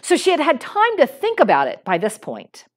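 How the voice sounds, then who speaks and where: A woman's voice: huge pitch swings, moderate pace. A middle-aged woman pastor giving a sermon in a conversational way, with fillers and restarts. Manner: acts out a small boy's lines in a higher voice when telling a story.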